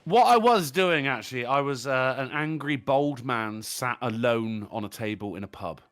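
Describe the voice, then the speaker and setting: A man's voice: medium pitch, lively intonation, normal speed, fairly bright tone, dry recording, soft background music. A British man in his thirties, co-hosting a casual podcast chat, joking and swearing freely. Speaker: podcast co-host.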